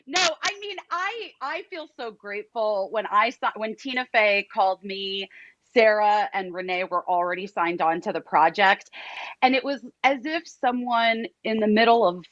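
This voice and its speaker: A woman actress guest in a TV interview, excitable and emotional, close to tears. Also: medium pitch, moderate pace, no room sound, lo-fi sound.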